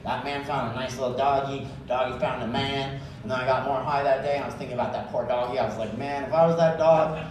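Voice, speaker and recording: A man doing a stand-up set, loud and profane, shouting his punchlines. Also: medium pitch, flat delivery, fast talker. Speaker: stand-up comedian. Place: comedy club stage. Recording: echoey club from far off, crowd noise.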